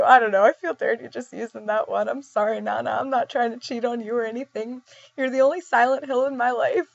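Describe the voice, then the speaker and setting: A woman's voice: on the high side, steady tone, fairly quick, gravelly, no echo. A young woman vlogging in a casual, rambling way, giggly and self-deprecating as she answers questions. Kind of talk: casual chat. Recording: dull dry lo-fi recording.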